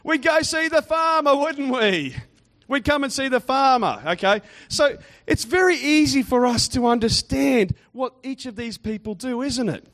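A man's voice: very high-pitched, animated, normal speed, a bit bright. A man giving a playful children's talk in church, teasing and quizzing the kids and congregation.

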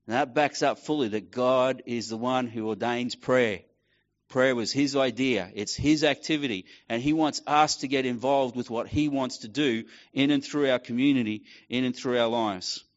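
Pastor telling a lively sermon story. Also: male voice, medium pitch, normal speed, dull audio. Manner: animated storytelling with voiced quotes, casual asides.

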